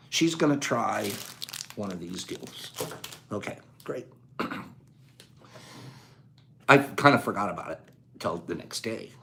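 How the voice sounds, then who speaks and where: A man's voice: fairly low pitch, a bit bright. A man hosting a casual talk show, telling a funny story in a rambling way and laughing as he goes. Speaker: host.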